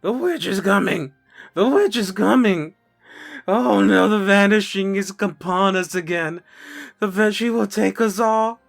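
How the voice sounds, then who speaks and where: A man's voice: high-pitched, a little slow, vocal fry, soft background music, voice pushed up. A man voicing a frantic homeless man who shrieks warnings of doom in a tabletop game.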